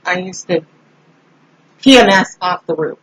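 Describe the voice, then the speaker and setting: Husky-voiced woman telling a story. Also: fairly low pitch, measured pace. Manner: animated storytelling with laughter. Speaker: podcast co-host. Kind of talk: casual chat. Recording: slightly dull lo-fi sound.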